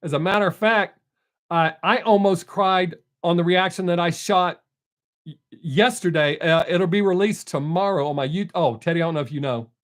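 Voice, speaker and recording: A man's voice: sits high, moderate pace, fairly bright tone. An older man hosting a live stream, in casual folksy chat, joking and greeting viewers from the chat by name.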